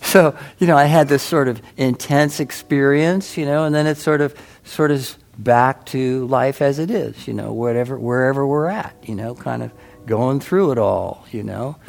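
A man's voice: medium pitch, moderate pace, gravelly, a little mellow. A middle-aged man giving a casual, rambling personal talk at a meditation center, full of restarts and "you know.".

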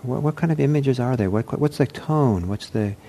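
A man giving an unscripted meditation talk, speaking in a gentle, reflective way with frequent pauses and restarts. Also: mid-range voice, slight background noise. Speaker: meditation teacher.

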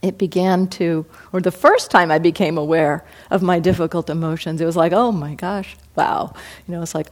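A woman meditation teacher giving a reflective dharma talk, gently acting out her own inner thoughts as she speaks. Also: on the low side, fairly even intonation, brisk.

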